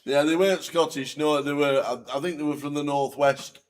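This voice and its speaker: A man's voice: on the high side, steady tone, moderate pace. A man commentating on a live poker event in a chatty, amused, often laughing manner. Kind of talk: casual live commentary banter.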